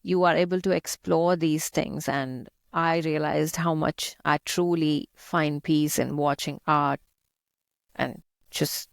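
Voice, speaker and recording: A woman's voice: sits low, steady tone, slow, gravelly, no echo, studio quality. A young woman from India with an Indian accent, chatting as an interview guest, laughing often and using many fillers. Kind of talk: casual interview chat.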